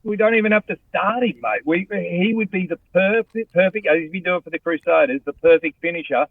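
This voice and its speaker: Middle-aged Australian bloke, phone-in guest, animated and matey, a fairly high voice down a tinny line. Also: male voice, brisk. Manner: blokey, animated, says "mate" a lot. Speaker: guest, former rugby player and radio host. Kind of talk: casual chat over a phone line.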